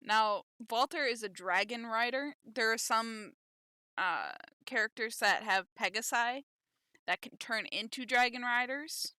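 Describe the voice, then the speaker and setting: Bright chatty woman playing a game. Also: fairly high pitch, unhurried, clear, resonant tone, no echo. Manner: chatty, self-deprecating, laughs often. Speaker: game streamer. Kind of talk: casual gameplay commentary.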